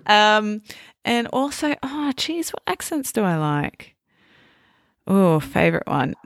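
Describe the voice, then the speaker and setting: A woman's voice: medium pitch, big pitch swings, slow pace, dry recording, clean studio sound. A woman hosting a podcast and chatting in a friendly way, with frequent ums. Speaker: podcast host. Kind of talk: casual interview chat.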